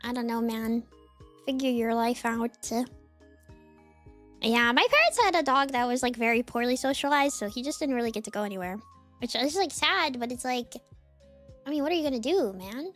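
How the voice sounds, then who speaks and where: A young woman streamer chats casually with her viewers, reading from chat and rambling with plenty of "like" and other fillers. Her voice is a little high, her speed normal, and her delivery swings lively. Faint music plays behind her.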